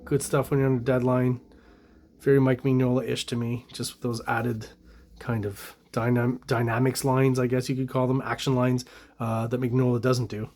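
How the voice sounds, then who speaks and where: A Canadian man in the middle range of male pitch, giving casual commentary on comic-book art. He talks in a loose, rambling way, full of "um" and "you know", stopping to restart his sentences. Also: normal speed, a little hiss or hum. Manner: relaxed, rambling, many fillers. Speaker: comic artist reviewing comic art.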